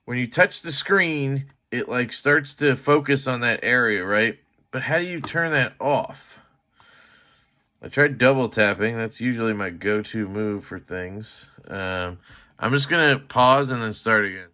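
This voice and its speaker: A knife reviewer disassembles a knife on camera in a casual vlog, speaking in a mid-range voice with lively intonation, a measured pace, and a sharp tone. He rambles to his audience while fiddling, grumbles and swears a little, and frequently jokes about himself.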